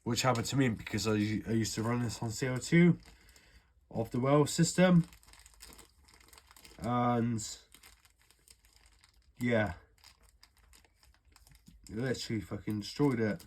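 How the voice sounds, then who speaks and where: Mid-range and a little mellow, he speaks slowly with long pauses. This British hobbyist gives a casual, sweary, meandering how-to on repairing an airsoft gun.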